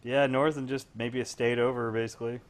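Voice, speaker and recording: A man's voice: medium pitch, level tone, a little fast. A young man co-hosting a casual podcast chat over a video call, easygoing and often restarting his words. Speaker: podcast co-host.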